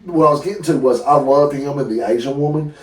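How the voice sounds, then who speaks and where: A man talks through a film he liked in a loose, easygoing way, often dropping sentences halfway. His mid-pitched voice is heard from a distance in an echoey room. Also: fast talker. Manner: relaxed, trails off mid-sentence. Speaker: co-host. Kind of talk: casual movie review chat.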